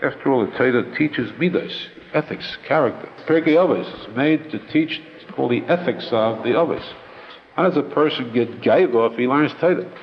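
A man giving a Torah lecture as a rabbi, explaining slowly with many pauses and restatements. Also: mid-range voice, in a large hall, lo-fi sound, slight background noise.

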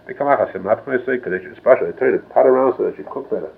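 Gravelly man teaching over a tinny line. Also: medium pitch, very fast, hardly any pauses. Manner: reads a passage, then explains it phrase by phrase. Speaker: religious teacher. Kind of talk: traditional text lecture. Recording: narrow phone-like lo-fi sound.

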